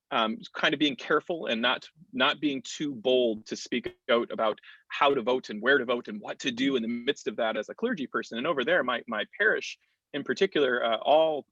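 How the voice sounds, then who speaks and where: An American clergyman in his thirties speaking thoughtfully on a panel, with frequent pauses and restarts. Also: medium pitch, fairly bright tone, no room sound. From United States. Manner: reflective, thoughtful, many fillers and restarts. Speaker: clergyman and campus chaplain. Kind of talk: panel discussion talk. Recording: dull lo-fi dry sound.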